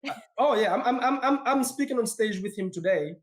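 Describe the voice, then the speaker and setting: A man with a non-native English accent, a podcast guest talking in an energetic, emphatic way and repeating words when excited. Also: very high voice, fairly quick. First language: not English; speaks four languages. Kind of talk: casual podcast conversation.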